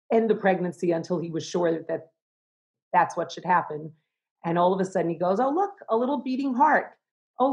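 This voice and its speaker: A middle-aged woman, an educator and chaplain, speaking reflectively in an interview, with many restarts and soft laughs. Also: fairly low pitch, highs cut off.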